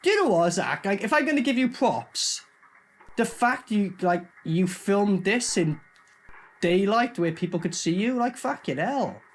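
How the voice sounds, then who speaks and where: A man's voice: high-pitched, lively intonation, a little slow. A young man giving sweary, mocking casual commentary while reviewing a film. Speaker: movie reviewer.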